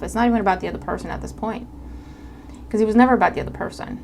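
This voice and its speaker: A woman's voice: mid-range voice, racing, gravelly, darkish tone, slight background noise. A woman giving a casual tarot reading, talking conversationally and checking in with her listeners often. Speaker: tarot reader.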